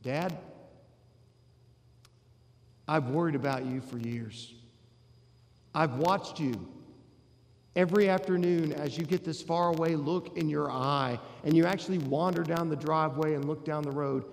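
A man's voice: on the high side, moderate pace, gravelly. A man preaching in the voice of a resentful older brother, complaining bitterly and indignantly. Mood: aggrieved. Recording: long hall reverb.

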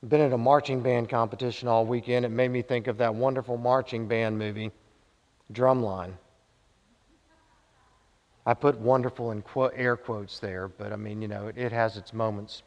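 A male pastor preaches a sermon, telling a story and coming back to short repeated refrains for emphasis. His voice is medium-pitched and darkish, with fairly even intonation and a moderate pace. The sound is dull, with long hall reverb.

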